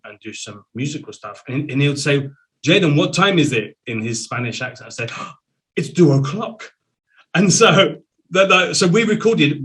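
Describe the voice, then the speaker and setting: Animated man hosting a chat show. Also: medium pitch, rough recording. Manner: animated storyteller, voice swings up with excitement. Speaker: show host and singer. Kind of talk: casual video-call interview.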